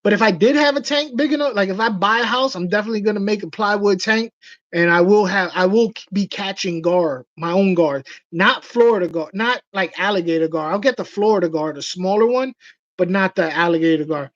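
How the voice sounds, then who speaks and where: A woman hosting a casual livestream chat, telling stories with animated delivery and acting out the voices of people she quotes. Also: medium pitch, brisk, dry recording, highs cut off. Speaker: livestream host.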